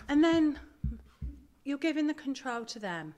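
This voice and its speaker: Middle-aged woman, live talk to an audience, animated and candid, fairly high voice. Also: unhurried. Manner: animated, candid, self-deprecating. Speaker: parent speaker at a talk.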